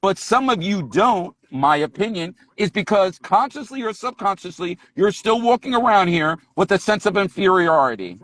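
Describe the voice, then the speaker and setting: A man's voice: high voice, animated, normal speed, hardly any pauses, a bit bright. Emphatic man on a video call. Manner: emphatic, repeats key phrases. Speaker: English teacher, guest on a live stream. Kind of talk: casual live-stream conversation. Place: home, on a live video call.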